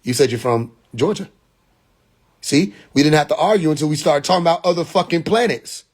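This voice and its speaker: High-voiced man from Atlanta, preachy. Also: fairly quick, a little mellow. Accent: Southern US (Atlanta). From Atlanta, USA. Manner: preachy and mocking, fires rhetorical questions, profane slang. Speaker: livestream host. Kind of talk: rambling live-stream monologue. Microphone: phone.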